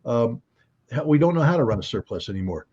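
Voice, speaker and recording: Man, interview guest, husky mellow voice, emphatic and sardonic, dull lo-fi sound. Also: medium pitch, sing-song, brisk. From United States. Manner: emphatic, sardonic, rhetorical questions. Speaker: guest commentator. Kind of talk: interview commentary. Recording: dull lo-fi recording.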